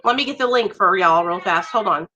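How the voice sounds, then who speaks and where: A young woman chatting warmly with viewers on a livestream, greeting them by name. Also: mid-range voice, lively intonation, a little fast, muffled recording, noisy background. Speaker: livestream host. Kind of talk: casual livestream chat.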